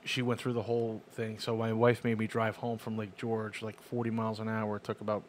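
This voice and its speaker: A man's voice: fairly low pitch, monotone, fairly quick, a little hiss or hum. A man co-hosting a casual chat, telling a story in an easygoing, rambling way. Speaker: podcast co-host.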